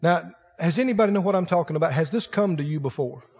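A man's voice: fairly high pitch, expressive, quick pace, darkish tone, husky. A man preaching a sermon in a folksy, colloquial way, firing rhetorical questions at his congregation. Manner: colloquial, uses "ain't". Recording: dull lo-fi sermon recording with long hall reverb.

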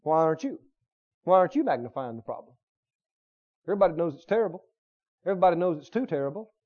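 A man's voice: a little high, sing-song, quick pace, highs cut off. A male preacher delivering a sermon emphatically, firing rhetorical questions at his listeners.

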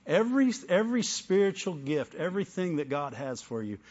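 An older man preaching a sermon, shifting between fervent call-and-response peaks and soft, intimate storytelling. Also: fairly high pitch, big pitch swings, fairly quick. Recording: dull sound with long hall reverb.

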